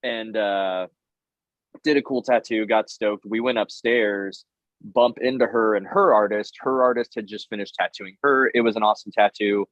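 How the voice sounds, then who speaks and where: A man's voice: fairly low pitch, fairly even intonation, moderate pace, fairly bright tone, no room sound, highs cut off. A man, a tattoo artist, telling a self-deprecating story in a casual chat.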